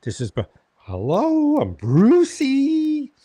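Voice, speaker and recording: Brief: high nasal moocher voice, pushy and sing-song, put on by a man. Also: wildly swooping pitch, slow, warm tone, no room sound, full character voice. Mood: wheedling. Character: whiny freeloading male comedian, pushy.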